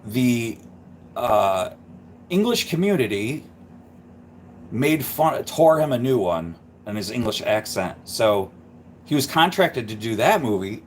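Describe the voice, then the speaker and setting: A man's voice: mid-range voice, big pitch swings, takes it slowly, long pauses, a little hiss or hum. A man hosting a live stream, chatting casually and rambling through a story. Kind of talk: casual chat.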